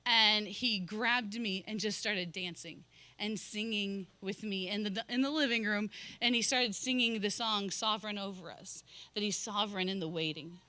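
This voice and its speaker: A woman's voice: mid-range voice, normal speed, sharp tone, no echo. A young woman telling a personal testimony at a church service, emotional and laughing often as she acts out her own words. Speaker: church member giving a testimony.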